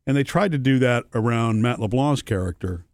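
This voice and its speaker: A man co-hosting a podcast recalls details in a steady, informative way, at a middle pitch for a man. The sound is dry, close and free of echo. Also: normal speed. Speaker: podcast co-host. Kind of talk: casual chat.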